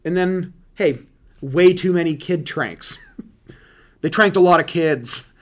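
Animated, laughing man, swearing casually. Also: on the high side, takes it slowly. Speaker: podcast host. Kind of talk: casual chat reviewing a movie.

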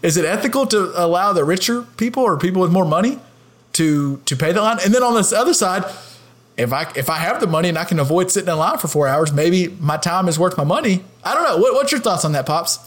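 A man's voice: sits high, expressive, quick pace, a bit bright. A man co-hosting a casual podcast, joking and laughing often and repeating words as he talks. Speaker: podcast co-host.

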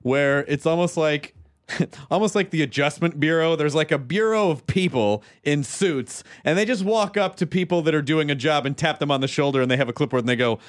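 A man hosting a podcast in casual interview chat, playful and quick to riff on jokes. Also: on the high side. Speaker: podcast host.

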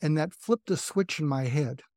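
A man's voice: on the high side, normal speed, a little mellow, no room sound. Older man, earnest, dry close sound. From New England, US. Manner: earnest, reflective, self-revealing. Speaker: psychiatrist guest. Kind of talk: candid personal storytelling.

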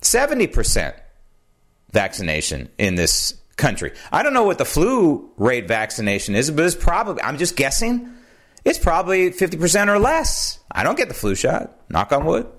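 A man hosting a political commentary show, talking in an animated, sarcastic monologue. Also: normal speed. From United States. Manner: animated, sarcastic, swings pitch for emphasis. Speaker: podcast host.

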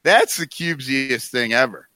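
Brief: male co-host, animated bright voice that swoops up and down, eager and loose. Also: medium pitch, normal speed, dry recording. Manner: excitable, profane, laughing. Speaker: podcast co-host. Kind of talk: casual chat.

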